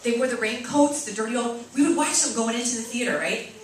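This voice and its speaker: A Catholic sister from Boston giving a lively, chatty talk to students and parents, often checking in with "right?". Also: female voice, on the high side, fast talker, a little hiss or hum. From Boston, USA. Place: large room with an audience. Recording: echoey room, mic far off.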